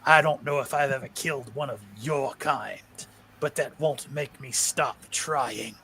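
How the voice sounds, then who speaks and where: A man voicing a proud, defiant revived man who speaks louder and higher than the narration. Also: measured pace, a little hiss or hum.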